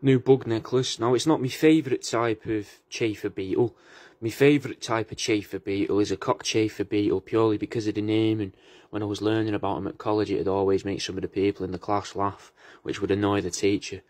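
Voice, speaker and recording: A man's voice: lowish voice, little pitch movement, fairly quick, darkish tone. A man rambling casually to camera in a comedic monologue, full of restarts, swearing and "mate". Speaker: comedy vlogger playing a taxidermist.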